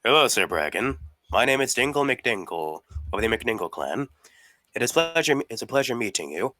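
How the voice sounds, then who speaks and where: A man's voice: fairly low pitch, sing-song, moderate pace, sharp tone, dry recording. A man playing a character in a tabletop game, speaking politely and formally in character. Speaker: player. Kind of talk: in-character tabletop role-play.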